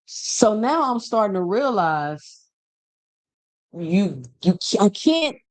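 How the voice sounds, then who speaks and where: Here a man with a high, sing-song voice talks slowly while hosting a boxing show. He rants casually yet forcefully to camera, piling up rhetorical questions and saying things more than once.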